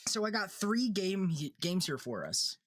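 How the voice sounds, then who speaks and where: A man co-hosting a casual podcast chat, relaxed, laughing often and trailing off into restarts. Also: sits high, a little slow. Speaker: podcast co-host.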